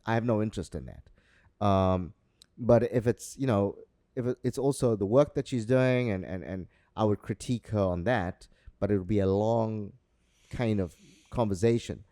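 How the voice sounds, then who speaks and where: A man co-hosting a podcast, telling a long story in a rambling, halting way. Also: lowish voice, dark tone, no echo, clean studio sound. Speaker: podcast co-host. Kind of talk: casual chat.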